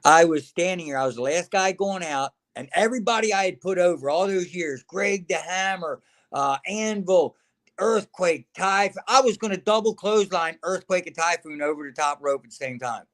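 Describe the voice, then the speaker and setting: A man's voice: sits high, moderate pace. A middle-aged man, a former wrestler, telling career stories in a casual interview, acting out the quotes of others and often calling the listener man or brother. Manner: animated storyteller acting out quotes, says man and brother a lot.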